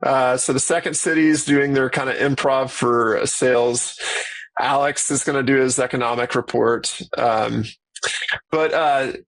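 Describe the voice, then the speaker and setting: A man in casual podcast chat, relaxed and enthusiastic, talking about organizing a conference. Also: medium pitch, a little slow, low-quality recording.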